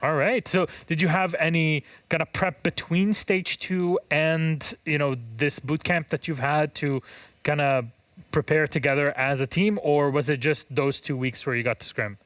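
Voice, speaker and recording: A man's voice: fairly high pitch, fairly even intonation, normal speed, a bit bright, no echo. A man hosting a live esports analyst desk, joking and teasing his co-hosts before a player interview. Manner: jokey, teasing, upbeat.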